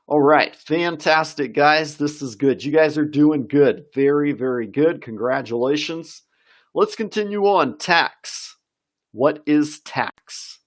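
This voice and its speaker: A man teaching an English vocabulary lesson on a live stream, reading viewer comments aloud and encouraging them. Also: mid-range voice.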